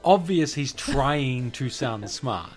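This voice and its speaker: A man's voice: mid-range voice, expressive, takes it slowly, faint music behind. A man co-hosting a film podcast, leading questions with dry, wry humor. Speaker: podcast co-host. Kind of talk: casual chat.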